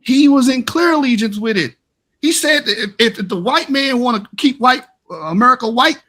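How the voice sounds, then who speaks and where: A man's voice: extremely high pitch, animated, a little fast, pushed and bright. A man giving a combative, emphatic debate rebuttal on an online stream, taunting his opponent as he argues. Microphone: online stream call mic.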